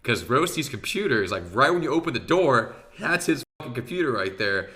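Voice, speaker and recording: A man talking viewers through his own match in a loose, excitable way, dropping swears as he goes. His voice is bright and forceful, with a punchy edge. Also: mid-range voice, a little fast. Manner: excitable and profane, talks straight to viewers. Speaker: professional arena player reviewing his match. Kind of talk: casual gameplay commentary.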